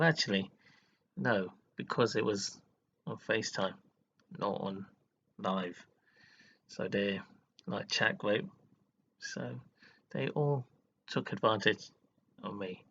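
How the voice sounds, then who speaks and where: Teacher guy vlogging, slow and emotional, kinda low and bright, lo-fi webcam sound. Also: gravelly, breathy edge. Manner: upset, rambling, frequent "you know". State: emotional, near tears. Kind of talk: emotional personal vlog. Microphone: webcam mic.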